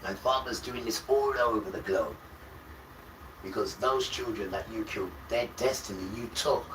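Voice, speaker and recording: A man on a livestream delivering an impassioned religious rant, preachy and accusing. He swings from loud outbursts to low muttering. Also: moderate pace. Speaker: livestream host. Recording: roomy, distant mic with loud background noise.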